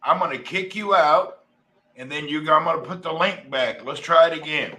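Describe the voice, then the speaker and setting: A man's voice: on the high side, moderate pace, sharp tone. A man hosting a casual livestream, joking in a folksy way and reading viewer comments aloud. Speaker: livestream host. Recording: echoey room.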